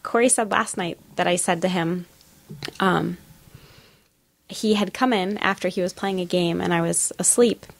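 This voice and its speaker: A woman's voice: on the low side, moderate pace, creaky. Woman chatting with many ums. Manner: relaxed, many ums while recounting. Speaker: podcast co-host. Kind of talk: casual chat.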